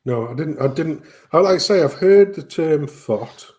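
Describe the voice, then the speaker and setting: A man in casual conversation on a stream, ranting about things that annoy him. He swears freely. His pitch sits slightly high and jumps around a lot as he gets worked up. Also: expressive, normal speed, a little mellow. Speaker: stream co-host. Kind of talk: casual chat.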